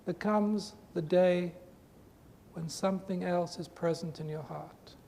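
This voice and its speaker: A man giving an earnest spiritual talk to a group, with emphatic, repetitive phrasing, recorded in a reverberant hall with a faint rumble. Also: fairly even intonation, slow, gravelly, warm tone. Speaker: spiritual teacher.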